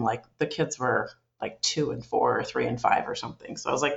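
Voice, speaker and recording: Canadian woman guest, chatty storyteller, gravelly voice, slightly muffled. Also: a bass voice, brisk, few pauses. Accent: Canadian English. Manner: chatty, rambling with many fillers and restarts. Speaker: interview guest. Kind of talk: casual storytelling interview.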